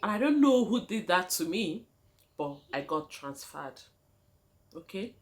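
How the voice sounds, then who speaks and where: Animated Nigerian woman vlogger, lowish voice. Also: unhurried. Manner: animated, dramatic, addresses viewers as guys. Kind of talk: storytelling vlog.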